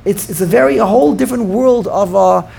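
Gravelly-voiced man teaching a Torah class. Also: high voice, quick pace, a little hiss or hum. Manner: thinks out loud, repeats phrases for emphasis, takes student replies. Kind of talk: informal Torah class lecture.

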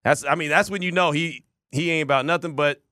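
A man hosting a sports talk radio show, telling stories in a casual, animated way and acting out the people he quotes. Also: on the high side, brisk, no echo, clean studio sound. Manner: animated storyteller, shouts quoted voices.

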